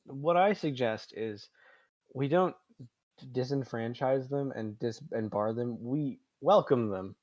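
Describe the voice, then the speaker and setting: A man's voice: medium pitch, slow pace, darkish tone, no room sound, muffled recording. A man in his twenties hosting a casual podcast chat, rambling, swearing often and laughing a lot. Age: 20s. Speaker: podcast host.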